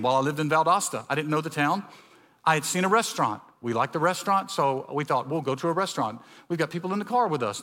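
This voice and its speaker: A middle-aged man from Mississippi, preaching a sermon built around personal stories, acting out the voices of people he met. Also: high-pitched. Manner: storytelling, animated, acts out dialogue with voice changes. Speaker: pastor.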